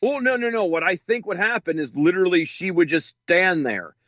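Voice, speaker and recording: A man co-hosting a casual commentary show, reading news aloud in a sarcastic, animated way and laughing often. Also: sits high, a little fast, dry recording, dull audio. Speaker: podcast co-host.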